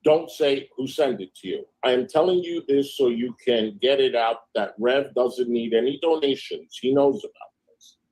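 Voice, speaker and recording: Brief: male livestream host, husky voice, gossipy recap of messages, loose "I said, she goes" delivery. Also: medium pitch, normal speed, a little mellow, rough recording. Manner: reads out text messages in a chatty gossipy retelling; frequent fillers, "I said, she goes" storytelling. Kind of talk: casual livestream chat.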